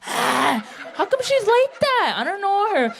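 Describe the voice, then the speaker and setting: A woman's voice: very high voice, big pitch swings, a little slow, vocal fry, a bit bright, pitched above the performer's own voice, heavily acted. Woman voicing catty gossiping aunties. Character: catty gossiping middle-aged sisters.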